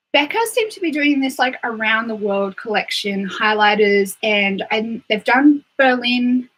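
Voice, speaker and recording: Bright, breathy Australian woman chatting. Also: on the high side, poor audio. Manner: chatty, full of "like" and "um" fillers. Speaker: beauty livestreamer. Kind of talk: casual live stream chat.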